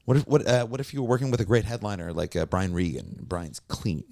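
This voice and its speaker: A man, a warm-up comedian and podcast guest, telling anecdotes in casual chat and acting out the voices of people in his stories. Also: lowish voice, brisk, creaky, dry recording, studio quality. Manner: lively anecdotes, acts out quoted voices.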